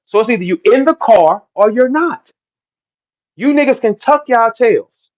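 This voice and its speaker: A man's voice: extremely high pitch, expressive, unhurried, dull audio. A middle-aged man with a St. ranting on a livestream, preachy and profane, lecturing his listeners. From St. Louis, Midwest US. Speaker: battle rapper ranting to listeners. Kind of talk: heated livestream rant.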